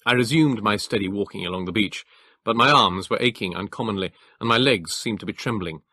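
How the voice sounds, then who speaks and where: Male audiobook narrator, low and bright, measured delivery, dry close sound. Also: husky, dry recording.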